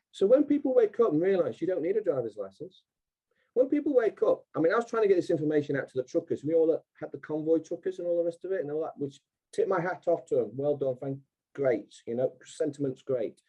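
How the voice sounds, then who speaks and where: Emphatic man, fairly high voice. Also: expressive, a little fast, mellow, husky, dull audio. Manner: emphatic, repeats points, acts out imagined exchanges. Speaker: guest speaker. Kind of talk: animated call talk.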